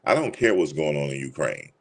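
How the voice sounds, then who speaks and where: A man's voice: rumbling low, big pitch swings, brisk, vocal fry. A man giving blunt, casual opinions straight to his listeners, repeating himself for emphasis and calling them y'all. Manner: addresses listeners directly as y'all.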